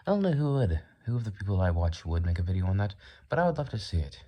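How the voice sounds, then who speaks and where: A man rambles calmly in a put-on British accent, his voice low and mellow. His questions come out with an inquisitive lilt. His mouth sounds dry as he speaks. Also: quick pace. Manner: calm, musing, inquisitive tone. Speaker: video creator. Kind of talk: rambling solo monologue.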